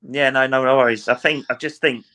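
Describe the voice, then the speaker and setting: A man, a guest in a casual post-match chat, measured and a little hesitant. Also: medium pitch, fairly even intonation, bright, forceful tone. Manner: measured, agreeable, hesitant restarts.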